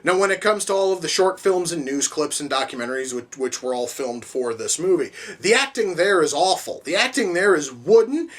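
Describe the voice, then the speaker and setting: A woman's voice: deep voice, lively intonation, a little fast, few pauses. Rambling, cursing woman reviewer, distant mic. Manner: profane, rambling with many restarts and fillers. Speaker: film reviewer. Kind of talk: casual video review.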